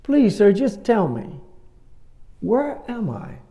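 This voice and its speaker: A man's voice: high-pitched, expressive, measured pace, creaky, dark tone, exaggerated voice. A man voicing a humble, bewildered village man lost in a big city, speaking in a pleading, plain-spoken way.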